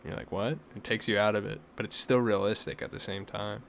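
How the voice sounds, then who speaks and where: Young man with a gravelly voice, ranting. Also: on the low side, quick pace. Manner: profane, animated storytelling with rants. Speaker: podcast co-host. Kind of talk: casual chat.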